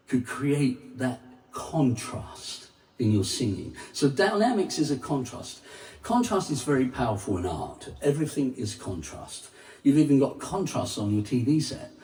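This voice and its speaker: Unhurried male vocal coach in a roomy space. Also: medium pitch, a little mellow, far from the mic. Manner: demonstrates with sung vowels and scat syllables; unhurried, emphatic teaching. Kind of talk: singing lesson to camera. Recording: roomy, off-mic sound with faint music.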